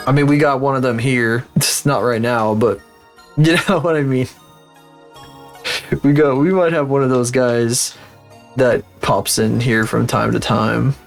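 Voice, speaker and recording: A male streamer rants loosely and swears freely, his voice in a middling pitch. Faint background music plays under him as he works on stream. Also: measured pace, gravelly. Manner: profane, ranting, animated. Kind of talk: casual livestream chat while working.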